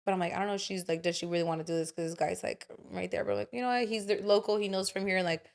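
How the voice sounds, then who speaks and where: A young woman talks in a loose, unfiltered way as she tells a story on a podcast. Her speech is full of "like" and curse words. She rambles in an animated way, with her pitch in the middle range for a woman. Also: racing, gravelly. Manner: animated storyteller, swears freely, fillers like "like". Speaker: podcast co-host. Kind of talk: casual chat.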